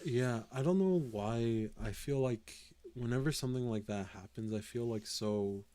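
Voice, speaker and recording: A man's voice: mid-range voice, normal speed, dark tone. A man co-hosting a podcast in casual chat, talking hesitantly and searching for his words. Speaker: podcast co-host.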